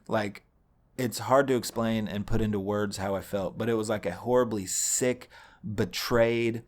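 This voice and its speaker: A young man recording himself at home, telling a heated, profane story in a rambling way. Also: lowish voice. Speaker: vlogger. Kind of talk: casual storytelling monologue. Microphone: home recording setup, watching audio levels.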